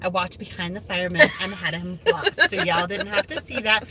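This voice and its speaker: A woman's voice: lowish voice, expressive, brisk, pushed and bright. A woman co-hosting a casual live chat from inside a car, telling stories and acting out what was said. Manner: chatty storyteller who acts out quotes and reads viewer comments aloud. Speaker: co-host of a farm channel.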